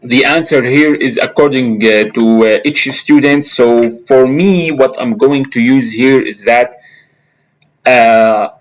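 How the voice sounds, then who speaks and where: Slow, halting man with many fillers. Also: mid-range voice, poor audio. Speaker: instructor. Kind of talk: screen-recorded software tutorial.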